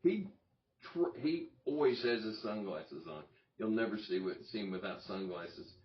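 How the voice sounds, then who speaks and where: A man's voice: lowish voice, lively intonation, normal speed. A man hosting his own channel, telling a story in a rambling, self-interrupting way with chuckles. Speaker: YouTube channel host. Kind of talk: casual talking-head vlog. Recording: roomy, distant, dull lo-fi sound.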